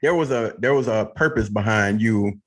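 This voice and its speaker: A man's voice: fairly low pitch, moderate pace. Easygoing male podcast host. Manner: relaxed, joking, laughs easily. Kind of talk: casual podcast chat.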